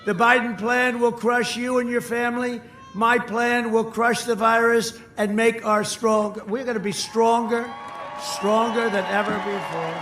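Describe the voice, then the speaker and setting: Older man, rally speaker, high-pitched voice, boastful and repetitive, booming echo over faint crowd noise. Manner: repetitive, boastful, swings from shouting to mutters. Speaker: political candidate at a rally. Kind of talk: rally speech. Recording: echoey open-air PA sound, faint crowd noise.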